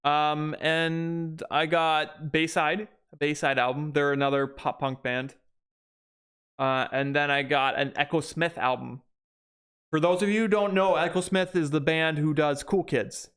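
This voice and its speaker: A man's voice: on the high side, fairly even intonation, measured pace, fairly bright tone. A young man co-hosting a podcast, chatting casually and rambling with frequent restarts. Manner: rambling, restarts sentences often. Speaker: podcast co-host. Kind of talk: casual chat.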